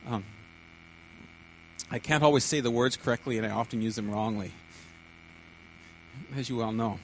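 Male preacher, mid-pitched, halting delivery with many restarts, sermon to a congregation. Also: a little hiss or hum, poor audio. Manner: halting, repeats words and restarts often.

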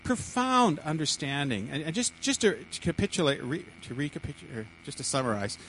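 Halting man preaching a sermon. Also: fairly high pitch, sing-song, fairly bright tone, slight background noise, low-quality recording. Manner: halting, repeats words and restarts often.

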